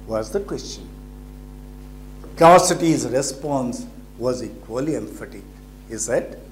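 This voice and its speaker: Male political commentator with a high voice, from India, emphatic and rhetorical. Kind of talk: scripted commentary.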